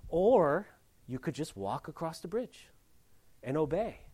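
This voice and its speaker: A man preaching a sermon in a plain-spoken, folksy way. He swings between loud, emphatic rises and quiet, low asides.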